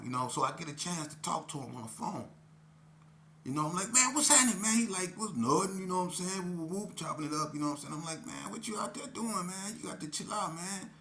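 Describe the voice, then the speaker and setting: A man's voice: medium pitch, bright, forceful tone, a little hiss or hum. Earnest rambling storytelling man from Vegas. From Las Vegas. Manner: earnest, rambling, drops "you know what I'm saying" often. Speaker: host telling his life story. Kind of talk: casual street storytelling.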